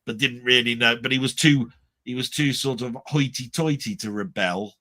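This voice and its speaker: A man's voice: mid-range voice, normal speed, no echo. A middle-aged Englishman, rambling in casual podcast chat about old comedy. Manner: rambling, animated impressions of comedians. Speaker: podcast co-host. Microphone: live stream mic.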